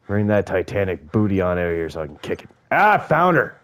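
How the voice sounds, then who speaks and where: A man's voice: low-pitched, very animated, fairly quick, fairly bright tone. A young man giving casual, profane gameplay commentary, joking and talking to the creatures on screen. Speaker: gaming YouTuber.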